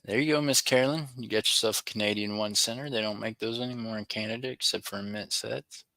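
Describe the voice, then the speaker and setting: A man, hosting a casual coin-hunting livestream and chatting to viewers, excitable over each find and quick to apologize. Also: lowish voice, no room sound. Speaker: livestream host searching coin rolls.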